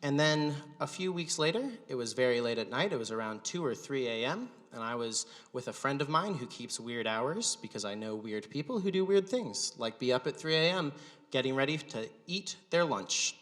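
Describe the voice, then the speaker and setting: Male stand-up host, bright, slightly high voice, wry deadpan storytelling, long hall reverb. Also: moderate pace. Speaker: stand-up comedian and show host. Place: gallery venue with live audience.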